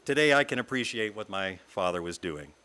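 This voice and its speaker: A middle-aged man from the American South, a guest speaker giving a reflective talk read from a script in a lyrical, measured way. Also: lowish voice, expressive, bright, forceful tone, clear, resonant tone. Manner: lyrical, measured reading with long lists. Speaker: guest speaker at a fellowship service.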